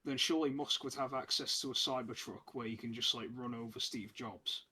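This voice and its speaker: Man, bright forceful tone, argumentative, casual podcast banter. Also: mid-range voice, fairly even intonation, a little fast, a little hiss or hum. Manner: argues points, talks over others. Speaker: podcast co-host. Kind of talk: casual group chat.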